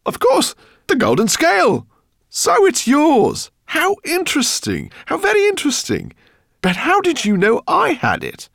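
A man voicing a curious, excitable professor who answers a threat with high, eager exclamations in a storybook reading. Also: measured pace, creaky, no room sound, clean studio sound, heavily acted. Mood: excited.

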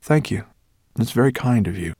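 A man's voice: medium pitch, expressive, moderate pace, a little mellow, breathy edge, no room sound, studio quality. A man voicing an earnest, curious young boy in a storybook reading. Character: curious excited young boy, dragon rider.

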